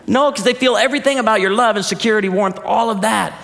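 Playful pastor preaching in a big hall. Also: male voice, high voice, fast talker, creaky, a bit bright. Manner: playful, addresses the audience directly, jokes then turns heartfelt. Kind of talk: humorous sermon storytelling. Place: large hall or church auditorium, before an audience. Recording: long reverb of a large hall.

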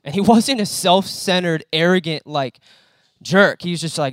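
High-voiced animated young preacher man. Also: moderate pace, no room sound, studio quality. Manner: conversational, animated, acts out quotes. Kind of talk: sermon. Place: church hall.

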